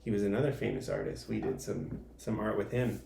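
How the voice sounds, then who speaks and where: A man's voice: on the low side, fairly even intonation, a little fast, creaky, mellow, a little hiss or hum. Patient man teaching kids art, echoey room. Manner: patient step-by-step explaining with fillers. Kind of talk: video art lesson for young children.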